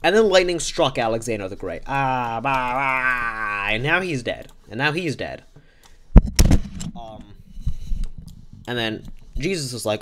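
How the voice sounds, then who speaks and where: A man spinning an improvised comic tale, rambling and silly, tripping over himself and correcting as he goes. His pitch is average for a man. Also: expressive, a little slow, pauses often, sharp tone. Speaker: podcast host.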